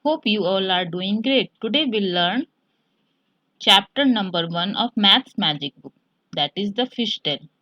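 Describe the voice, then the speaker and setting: A woman teaching a maths lesson to children, explaining slowly step by step and slipping in Hindi words. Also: mid-range voice, expressive, dry recording, muffled recording.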